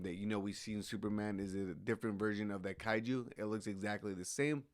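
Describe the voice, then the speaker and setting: A man's voice: lowish voice, no echo, clean studio sound. A man giving a casual, rambling recap of a TV episode, with many fillers and restarts. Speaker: show recap host.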